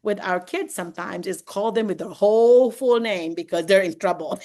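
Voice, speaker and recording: A woman in her fifties with a Filipino accent, hosting a casual video call with animated, chatty talk and frequent laughter. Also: medium pitch, normal speed. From Philippines. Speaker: host and teacher mentor.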